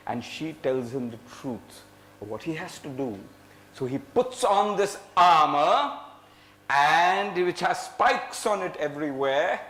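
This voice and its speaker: Lively man telling a folk tale. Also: fairly high pitch. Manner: dramatic, lively, shifts loud and soft, acts out lines; leads the audience in play. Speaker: storyteller. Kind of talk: live folk tale storytelling. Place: indoor venue before a live audience. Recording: echoey room.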